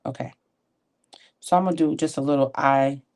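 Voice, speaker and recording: A woman's voice: extremely low pitch, steady tone, a little fast, darkish tone. A woman vlogger and consultant doing her makeup at her home vanity, talking in a chatty, encouraging way, full of folksy asides. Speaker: beauty vlogger and sales consultant. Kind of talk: chatty motivational talk while doing makeup. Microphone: tablet camera at her vanity.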